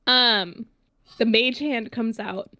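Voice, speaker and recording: Brief: female tabletop player, slow and chatty, higher pitch. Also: fairly even intonation, bright, forceful tone. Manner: chatty, with fillers. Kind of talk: tabletop game play.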